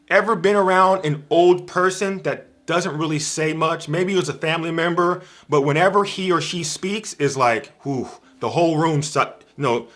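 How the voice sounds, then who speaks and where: A man with a slightly high voice and a bright, forceful tone preaches an informal sermon over a livestream. He is emphatic and keeps repeating his key phrases.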